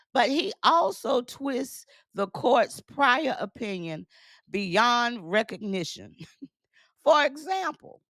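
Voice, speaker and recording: A woman with a gravelly, creaky edge to her voice reads a legal order slowly, her pitch swinging widely as she breaks into sassy asides. The sound is close and dry, with no room around her. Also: a bit bright, no room sound. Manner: laughs between passages. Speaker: news commentator. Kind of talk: reading and commenting on a court order.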